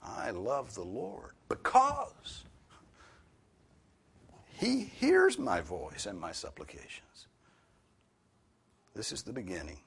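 A man preaching an expository sermon, stressing key words loudly and dropping some phrases to a hushed near-whisper. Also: lowish voice, huge pitch swings, takes it slowly, gravelly, long pauses, slightly rough.

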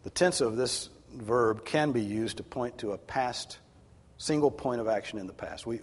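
Husky preacher in an echoing hall. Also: male voice, medium pitch, unhurried. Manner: swings from hushed to loud emphatic exhortation. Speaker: pastor. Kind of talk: sermon. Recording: long hall reverb.

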